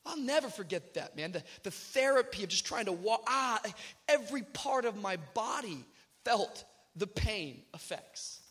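A man with a very high voice delivers a sermon that drifts into comic storytelling. He acts out the voices of the people in the story, sometimes shouting in mock panic. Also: expressive, moderate pace, breathy edge. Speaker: pastor.

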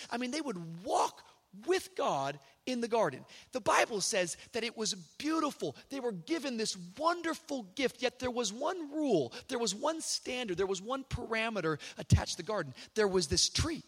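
Brief: male preacher, high voice, lively storytelling with jokes. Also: slightly rough. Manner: animated, joking, storytelling. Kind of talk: sermon.

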